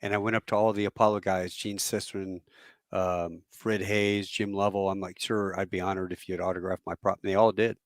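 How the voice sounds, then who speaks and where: A man's voice: low voice, fairly quick, dry recording, clean studio sound. A man in his fifties, a podcast host and former Marine pilot, telling rambling anecdotes and acting out the people he quotes. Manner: rambling, animated storyteller who acts out quotes. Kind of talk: casual chat, anecdotal storytelling.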